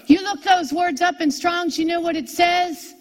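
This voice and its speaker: A woman preaching a sermon, repeating her key phrases and swinging between raised declarations and hushed asides. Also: very high voice, fairly even intonation, moderate pace.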